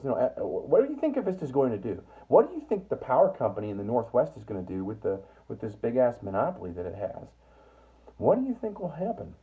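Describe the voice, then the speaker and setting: A political commentator from the US Northwest delivers a heated, profane rant, stammering and restarting constantly. His voice is mid-range and husky, and the sound is tinny, like a phone.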